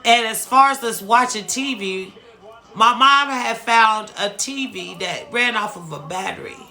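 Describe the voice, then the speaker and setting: A middle-aged woman from Ohio telling an emotional personal story, slow and earnest, often repeating phrases. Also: on the high side, bright, forceful tone. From Dayton, Ohio, US.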